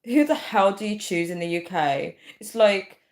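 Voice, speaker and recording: A young woman chatting casually to viewers, ranting in an animated way and laughing often. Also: medium pitch, moderate pace. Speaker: vlogger.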